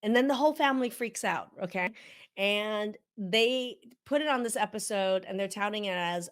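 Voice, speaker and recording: A woman's voice: mid-range voice, moderate pace. Emphatic woman physician reacting on camera. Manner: emphatic, animated, talks straight to viewers. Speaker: functional medicine physician. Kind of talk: reaction video commentary.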